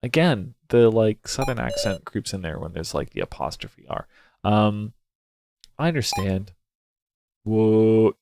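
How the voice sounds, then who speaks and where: This man's voice is on the low side, with lively intonation, vocal fry, and a slightly slow pace. He's doing let's play commentary on a story game, anxious and swearing, reading lines aloud half in character, over game music and a noisy background.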